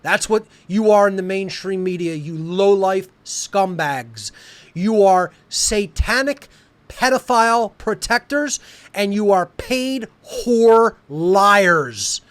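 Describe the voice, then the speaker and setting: A male podcast host delivering an angry, profane monologue, hurling repeated insults and shouting at times. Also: sits high, lively intonation, slow pace.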